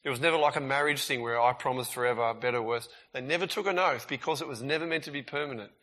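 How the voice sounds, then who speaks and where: A man preaching a sermon in a casual, emphatic way, swinging between loud bursts and quiet asides. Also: medium pitch, quick pace.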